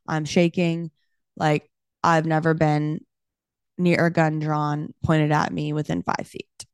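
A young woman, a realtor hosting her own podcast, telling a story in an animated, casual way and saying "like" a lot. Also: sits low, a little slow, clean tone, no echo, clean studio sound. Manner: animated, talks with her hands, heavy use of "like".

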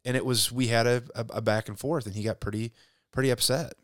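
A man talking about faith in a casual conversation, reflective and halting, often restarting his sentences. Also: medium pitch, fairly even intonation, no room sound, clean studio sound.

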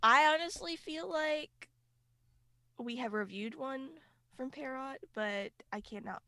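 A woman's voice: high-pitched, slow, sharp tone, no room sound. A woman co-hosting a podcast in casual chat, laid-back, laughing easily and swearing casually. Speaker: podcast co-host.

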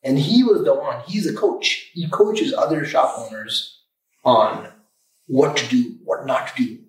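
A man who owns an auto repair shop, talking in an energetic, emphatic way on a podcast and often repeating words. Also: medium pitch, unhurried, roomy sound, far from the mic, low-quality recording. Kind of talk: casual podcast chat. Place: room, recording a podcast.

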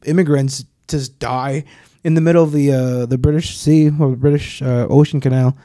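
A man's voice: mid-range voice, fairly even intonation, moderate pace, warm tone, dry recording, studio quality. A man co-hosting a casual chat, throwing in joking asides and lots of mm-hmms.

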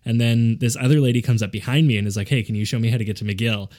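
A man's voice: medium pitch, fairly even intonation, quick pace, a little mellow. A man telling a rambling anecdote in a casual chat, often laughing as he goes. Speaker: podcast co-host.

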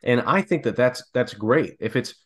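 A man's voice: mid-range voice, lively intonation, normal speed. A man co-hosting a casual comedic chat, rambling into long joking hypotheticals. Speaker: podcast co-host.

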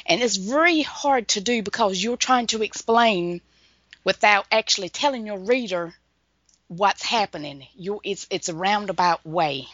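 A woman's voice: mid-range voice, animated, a little slow, a bit bright, no echo. Folksy Southern North Carolina woman. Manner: folksy, rambling, laughs often. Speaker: author, guest. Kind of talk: casual interview chat. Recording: dull lo-fi dry recording.

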